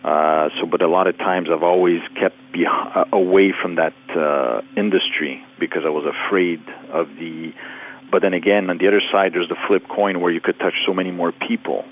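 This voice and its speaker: Halting deep-voiced caller on a phone line. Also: male voice, steady tone. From Canada. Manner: hesitant, halting, many restarts. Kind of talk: phone-in question.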